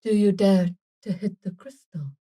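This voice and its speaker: A man voicing an aloof elf who speaks quietly and haughtily. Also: high-pitched, moderate pace, voice pushed up. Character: calm, aloof elf sitting on sacred crystals.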